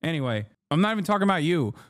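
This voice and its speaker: Male political streamer, slightly high voice, combative and foul-mouthed, dry close sound. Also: big pitch swings, fairly bright tone, no room sound. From lives in California. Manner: profane, combative, rapid-fire. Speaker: political livestreamer. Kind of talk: ranting reaction commentary to live chat.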